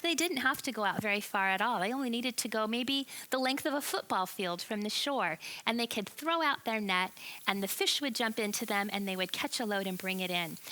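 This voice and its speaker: A woman tells a Bible story to children in an animated, questioning way, drawing them in as she goes. Her voice is bright and crisp, sitting a little high, in a friendly teaching manner. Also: low-quality recording.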